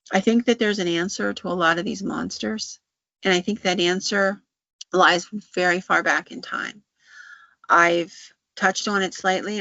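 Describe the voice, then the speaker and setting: A podcast host casually retelling a folk tale, with frequent restarts and halting phrasing. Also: mid-range voice, vocal fry, bright, forceful tone, dry recording, muffled recording.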